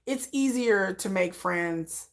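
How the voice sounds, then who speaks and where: Middle-aged woman from michigan, slight texan accent, candid interview talk, rough fry in her voice. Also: mid-range voice, animated, takes it slowly. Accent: Texan-tinged. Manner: frank, rambling, repeats words and restarts.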